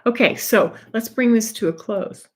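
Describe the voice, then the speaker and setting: A woman speaking as a spiritual energy guide, teaching gently in a soft, meandering way from home. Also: a little high, normal speed. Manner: soft, meandering, with light laughs and asides.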